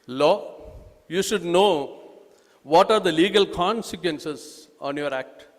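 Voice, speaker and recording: At an event hall, a man with an Indian accent presents a nursing course in a public talk. His slightly high voice sounds halting yet emphatic, with frequent restarts, and a long reverb tail follows his words.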